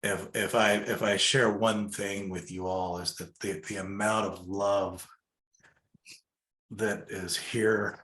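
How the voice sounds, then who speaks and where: A man with a very low voice tells a personal story in a relaxed, casual way. He speaks softly and reflectively, pausing on fillers. The recording has a noticeably roomy echo. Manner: soft-spoken, reflective, lots of fillers. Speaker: guest telling a story.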